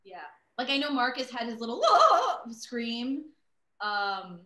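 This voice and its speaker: A woman's voice: fairly high pitch, measured pace, sharp tone. Chatty woman on a roomy video call. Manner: chatty, self-deprecating, many fillers. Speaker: voice actress guest. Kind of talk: casual interview over video call. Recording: roomy echo.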